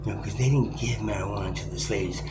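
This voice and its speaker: Talking fast in a lowish voice, a man rambles through a monologue he's recording himself in an echoey, noisy room. He frequently starts over, swears, and laughs as he mimics other people.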